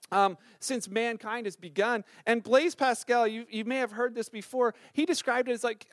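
A man's voice: very high-pitched, no echo, clean studio sound. A middle-aged man, a pastor, preaching a sermon in church in a chatty, storytelling way with lots of fillers. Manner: conversational, animated storytelling with many fillers.

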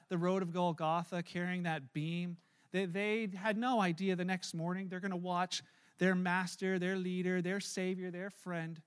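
A male pastor preaching a sermon, telling the story in a lively way that slows and softens at solemn moments. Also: high voice, clean tone. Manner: animated, then slow and hushed.

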